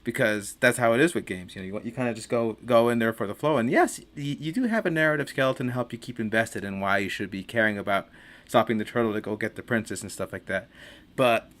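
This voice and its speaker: A man's voice: medium pitch, fast, fairly bright tone. A man hosting a casual podcast chat, rambling and laughing at his own jokes. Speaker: podcast host.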